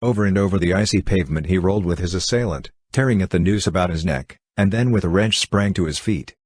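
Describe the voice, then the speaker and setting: A man narrating an audiobook in a steady, even reading style. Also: low voice, fast, no echo. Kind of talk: scripted narration.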